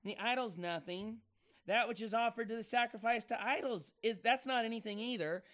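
A whiny, mealy-mouthed man who twists scripture, as a preacher mocks him. The voice stays high and bright. The tone is dismissive. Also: moderate pace. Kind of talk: mocking imitation within a sermon.

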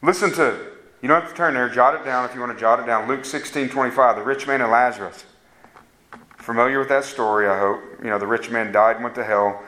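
A man's voice: mid-range voice, quick pace, bright, forceful tone. A man preaching a fervent sermon that rises to emphatic peaks. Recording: echoey room sound.

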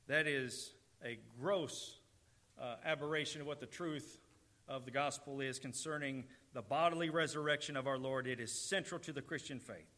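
A man delivers a sermon in a bright, forceful voice pitched a little above the usual. He preaches earnestly, leaning on emphatic repetitions to drive each point home. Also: moderate pace. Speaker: pastor.

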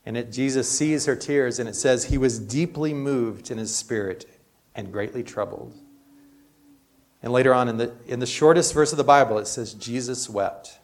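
A man's voice: mid-range voice, moderate pace. Man preaching a conversational sermon. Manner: earnest, conversational preaching with frequent "you know". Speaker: pastor.

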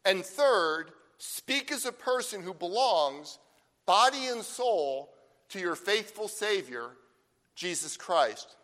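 Lively bright-voiced preacher in a hall. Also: male voice, high-pitched. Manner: emphatic preaching with slow, stressed phrases and rhetorical questions. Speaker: pastor. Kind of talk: sermon. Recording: long hall reverb.

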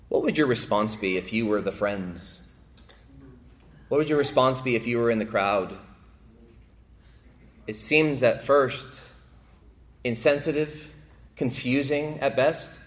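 A male pastor preaching a sermon, repeating phrases for emphasis and swinging between raised, emphatic passages and hushed, quiet ones. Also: mid-range voice.

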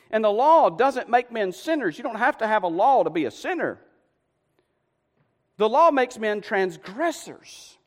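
A preacher delivering a folksy sermon. He swings from loud emphasis to hushed asides, his fairly high voice leaping all over the place. Long reverb from the church hall trails behind his words. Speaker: pastor.

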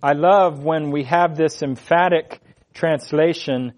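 A man preaching an expository sermon in an earnest, emphatic way, his voice swelling louder on key phrases. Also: a little high, a little slow.

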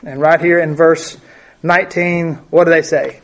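A man's voice: a little high, steady tone, moderate pace. A man teaching a Bible study lesson, reading verses aloud and explaining them in a conversational way, with many fillers and rhetorical questions.

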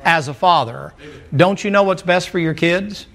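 A man's voice: high voice, moderate pace, gravelly, a bit bright. A man preaching a sermon, folksy and joking, calling out to the congregation for responses. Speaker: pastor.

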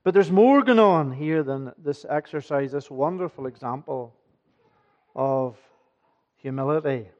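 A man's voice: on the high side, darkish tone, highs cut off. A man preaching an evening sermon to his congregation, earnest and emphatic, often asking rhetorical questions. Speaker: pastor. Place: church.

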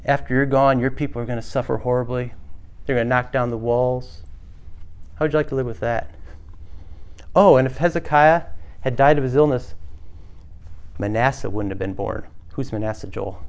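A man preaching a sermon as pastor, earnest and asking the congregation rhetorical questions. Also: fairly high pitch.

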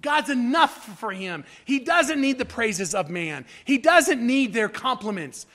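A man's voice: very high-pitched, sing-song, measured pace, a bit bright. A male pastor preaching a sermon, reading scripture aloud, then explaining it with rhetorical questions and rising emphasis.

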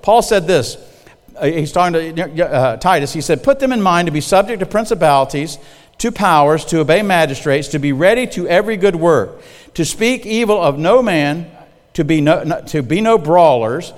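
Middle-aged male pastor, fairly high voice, folksy and conversational, preaching in a big hall with long reverb. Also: animated, moderate pace. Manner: folksy, conversational, checks in with the congregation. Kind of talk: sermon.

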